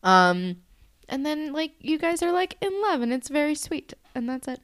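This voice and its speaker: A woman's voice: high-pitched, big pitch swings, moderate pace, a bit bright. A young woman co-hosting a casual podcast, telling a made-up story in a rambling, jokey way full of "like". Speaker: podcast co-host.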